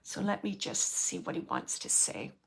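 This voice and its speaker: A woman works as a medium, giving readings to an audience member. Her voice is bright and forward, and she talks in stops and starts, with plenty of fillers, as she relays what she hears. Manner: halting, filler-heavy, relays spirit's words.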